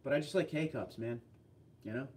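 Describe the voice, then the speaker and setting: A man hosting a casual livestream, chatting with viewers and telling rambling stories with quick asides. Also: medium pitch, a little mellow, distant mic, slight background noise. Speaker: livestream host reading viewer chat.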